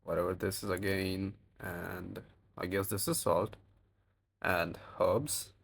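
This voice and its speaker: Deep, creaky, and slow, this cooking vlogger's voice barely moves in pitch as he narrates his own vlog against a noisy background. His non-native English accent comes through in a casual, self-deprecating, chatty voice-over.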